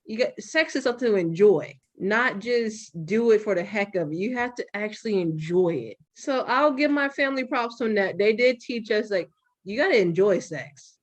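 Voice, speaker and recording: A young adult woman hosting a podcast, talking frankly and with some profanity in an animated, storytelling way. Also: medium pitch, moderate pace. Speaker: podcast host. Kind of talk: candid podcast conversation.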